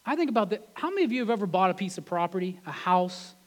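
High-voiced man preaching a conversational sermon. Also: big pitch swings, fast talker. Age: adult with wife and kids. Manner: conversational, peppered with rhetorical questions. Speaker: pastor.

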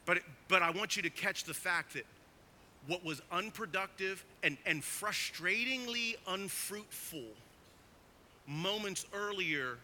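A man preaching a sermon as pastor, emphatic, swinging from quiet asides to loud, urgent stresses. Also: a little high, lively intonation, unhurried.

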